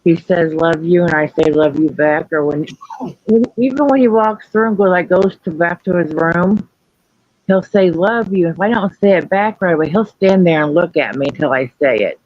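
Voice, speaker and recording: A woman's voice: fairly low pitch, expressive, moderate pace, dry recording, muffled recording. A woman chatting casually on a live stream, candid and rambling, and often putting herself down. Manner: candid, rambling, self-deprecating. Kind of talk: casual chat.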